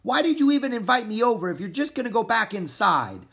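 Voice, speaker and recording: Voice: medium pitch, big pitch swings, fast talker, creaky, pitched above the performer's own voice. A reader putting on a grumpy little frog creature. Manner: shouting, sulky.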